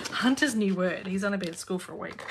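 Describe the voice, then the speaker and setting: A woman's voice: mid-range voice, moderate pace, gravelly, noisy background. An Australian woman hosting a live craft class from her home craft room, chatting casually and laughing while she works. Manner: chatty, laughs often, talks while working.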